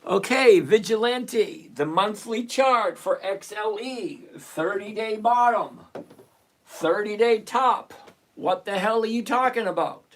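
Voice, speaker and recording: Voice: mid-range voice, slow pace. A trading streamer with a mid-range voice, talking casually to viewers over a desktop mic. The delivery is blunt and lecturing, and the host repeats rules over and over. Exasperated asides and the odd mild curse keep the chat loose. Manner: mildly profane, exasperated asides. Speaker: stock trading livestream host.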